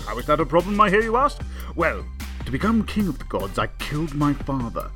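A man's voice: very animated, a little fast, a bit bright, faint music behind. A man voicing a theatrical, anxious king of the gods, pompous and hammy in his delivery. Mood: conspiratorial. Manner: pompous, hammy, swoops high and low. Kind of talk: comedy audio sketch.

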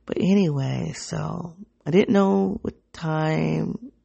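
A woman hosting her own podcast, speaking in an introspective, halting, emotionally raw personal reflection. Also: low-pitched, vocal fry, mellow, dry recording, muffled recording. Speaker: podcast host.

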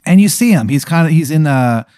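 A man narrating an improvised tabletop game as game master, with a deadpan, rambling delivery full of ums and likes. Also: fairly high pitch, fairly quick, dry recording, clean studio sound.

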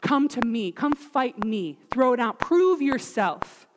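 A woman's voice: fairly high pitch, lively intonation, takes it slowly. A woman doing a taunting giant warrior. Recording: echoey hall, background noise.

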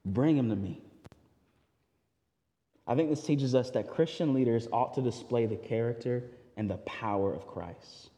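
A man preaching a sermon, his voice sitting unusually high for a man. He swings from bright, animated outbursts to low, slow, deliberate lines when he wants a point to land. The sound carries the long reverb of a church sanctuary. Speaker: pastor.

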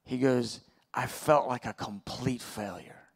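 A pastor in his forties preaching a sermon, telling a personal story in a conversational, halting way. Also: medium pitch, fairly even intonation, vocal fry. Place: church auditorium.

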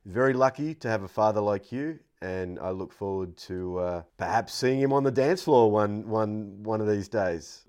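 A man hosting a podcast interview, speaking in a halting, heartfelt way. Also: on the low side, a little mellow. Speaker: podcast host. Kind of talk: casual interview.

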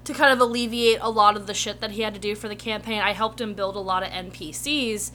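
Bright-voiced wry woman. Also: medium pitch, steady tone, fast, slight background noise. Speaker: player and podcast co-host. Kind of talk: casual chat.

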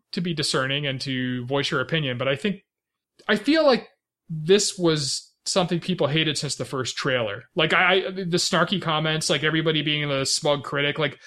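Bright-voiced man rambling about movies. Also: fairly high pitch. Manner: rambling, full of fillers and restarts, laughs often. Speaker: podcast co-host. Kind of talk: casual movie chat.

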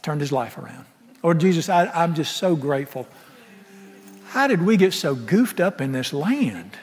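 A middle-aged pastor, preaching a folksy, impassioned sermon that swings from loud to soft. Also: male voice, fairly high pitch, very animated, normal speed. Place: large church sanctuary. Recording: echoey sanctuary with long reverb.

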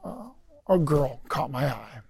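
A man's voice: mid-range voice, big pitch swings, slow, creaky, darkish tone. A middle-aged man, a guest in an interview, telling his story in a rambling way with many fillers and restarts. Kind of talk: conversational testimony interview.

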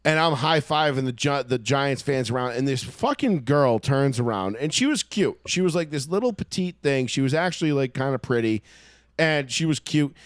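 A man telling a story loudly and profanely in a casual podcast chat. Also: mid-range voice, lively intonation, moderate pace, clear, resonant tone, no room sound, clean studio sound. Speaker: podcast co-host.

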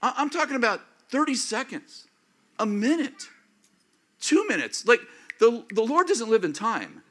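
A man of fifty or older preaching a sermon as pastor, acting out prayers and inner thoughts in an animated way. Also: extremely high pitch, measured pace. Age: 50s or older.

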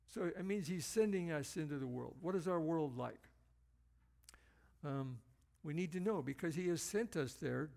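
A man preaching a sermon in an earnest, emphatic way. His voice is gravelly and sits a little high. He slows down to lean on the phrases that matter most. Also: darkish tone.

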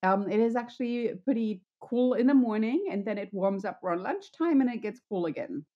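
A German wellness coach with a German accent appears as a podcast guest in a conversational interview, explaining things in a friendly, upbeat way. Her voice is a little high, brisk, and lively in intonation, though the recording is muffled.

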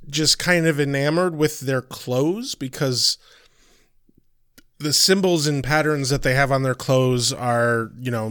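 A man's voice: medium pitch, a bit bright, clean tone, no echo, studio quality. A man co-hosting a podcast, recapping an episode in a rambling, casual way with some swearing. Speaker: podcast co-host.

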